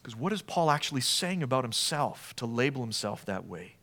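Preaching man, hushed to emphatic. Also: medium pitch, very animated, brisk. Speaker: pastor. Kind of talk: sermon. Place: church sanctuary.

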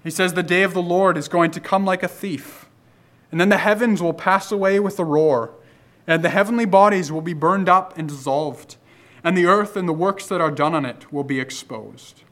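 A man preaching a sermon, building emphasis through repeated phrases and slowing down to stress key lines. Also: sits high, fairly bright tone.

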